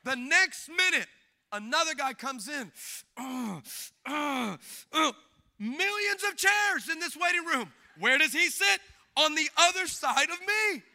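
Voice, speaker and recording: Guy preaching, super high bright voice, animated funny storyteller, acts out everybody. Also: unhurried. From Hispanic background. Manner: animated, jokey, acts out quoted people with big shifts in loudness. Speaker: pastor. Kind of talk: humorous sermon storytelling.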